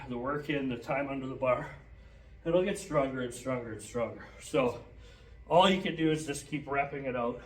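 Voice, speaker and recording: A man coaching a workout in a gym, out of breath and coughing between sets, talking in a loose, casual way. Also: mid-range voice. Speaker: fitness trainer. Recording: echoey gym, distant mic.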